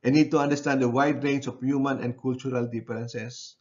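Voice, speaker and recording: A man at a mid pitch delivers a university lecture, pausing and restarting his sentences. He repeats phrases and keeps checking in with the class. The recording sounds dull and lo-fi. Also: level tone, darkish tone.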